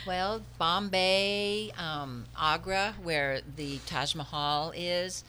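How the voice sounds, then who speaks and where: An actress in a casual studio interview, giving brief, halting answers. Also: female voice, lowish voice, background noise. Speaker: stage actress.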